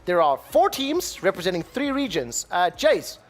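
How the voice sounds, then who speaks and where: A man's voice: high voice, very animated, normal speed. A man hosting an esports studio show in a breezy, playful way.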